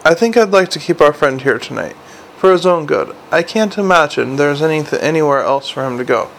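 A man reading a storybook and voicing a blunt, exasperated middle-aged watch commander who bursts into shouting. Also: fairly high pitch, expressive, fairly quick, creaky, a little hiss or hum, low-quality recording. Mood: weary, brooding. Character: gruff harried middle-aged male city watch commander.

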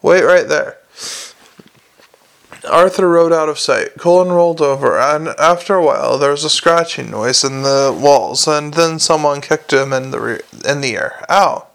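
A man narrating a comic fantasy story aloud in a dry, wry manner. His voice is gravelly with plenty of fry, pitched somewhat high for a man. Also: moderate pace, few pauses, a bit bright. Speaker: audiobook narrator.

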